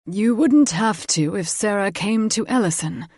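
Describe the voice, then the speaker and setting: A woman's voice: medium pitch, expressive, unhurried, a little mellow, breathy edge, no room sound, studio quality. A woman narrator voicing a haughty, condescending male fae lord in an audiobook. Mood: mocking. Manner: condescending, faintly mocking. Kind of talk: audiobook character voice.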